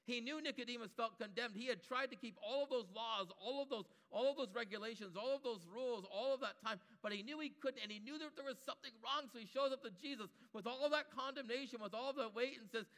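A man's voice: extremely high pitch, fast, hardly any pauses, a bit bright, big-room sound. A man preaching a sermon, building his points through emphatic repetition.

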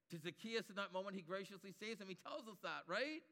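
A man's voice: high-pitched, animated, fast, few pauses, fairly bright tone, in a large hall. A man preaching a sermon, building his points through emphatic repetition.

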